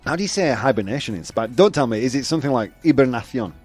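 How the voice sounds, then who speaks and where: A man's voice: mid-range voice, animated, racing, husky, faint music behind. A young man from the UK hosting a casual chat show, rambling with lots of fillers and restarts. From United Kingdom. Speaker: host.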